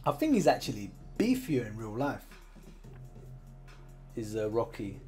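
A man with a British accent giving casual commentary while he plays a video game. He is chatty, then drops into quiet muttering while he concentrates. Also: fairly low pitch, sing-song, measured pace, soft background music. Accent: British English. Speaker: gaming streamer.

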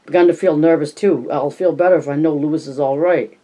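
A man reading as a quiet worried older wife. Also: on the high side, fairly even intonation, brisk, lightly acted. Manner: quiet, soft-spoken.

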